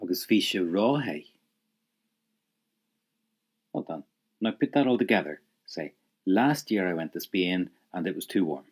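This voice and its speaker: Husky, lively male teacher. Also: sits low, a little slow, long pauses. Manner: encouraging, prompts listener to repeat phrases. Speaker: Irish language teacher. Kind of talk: audio language lesson.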